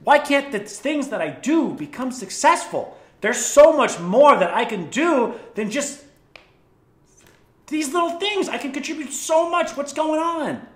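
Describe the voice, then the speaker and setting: A man voicing an angry, broke old man who yells his complaints at God. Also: very high-pitched, sing-song, unhurried, voice pushed up, exaggerated voice. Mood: furious. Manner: shouting, exasperated complaints. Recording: echoey room.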